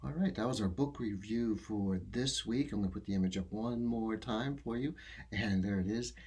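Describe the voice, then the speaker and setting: Soft-spoken podcast host, mellow low voice. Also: male voice, slightly rough. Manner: soft-spoken and halting, with many fillers. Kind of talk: casual podcast wrap-up.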